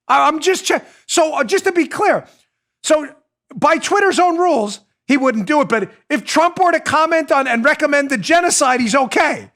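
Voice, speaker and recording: A man with a high-pitched voice hosts a political talk show. He talks in an indignant, sarcastic monologue and presses his points with repeated rhetorical questions. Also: expressive, moderate pace, fairly bright tone. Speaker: host.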